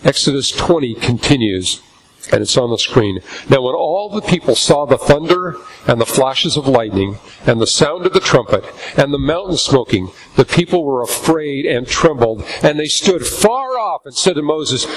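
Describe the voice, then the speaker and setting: A man preaching a sermon in a church, reading scripture aloud and slowing down for emphasis. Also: mid-range voice, very animated, rough recording. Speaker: pastor.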